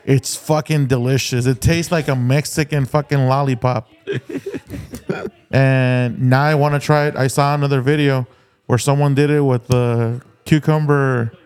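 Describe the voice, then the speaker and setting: Swearing, animated middle-aged man. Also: mid-range voice, normal speed, clear, resonant tone. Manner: swears freely, animated storytelling. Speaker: podcast co-host. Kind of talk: casual chat.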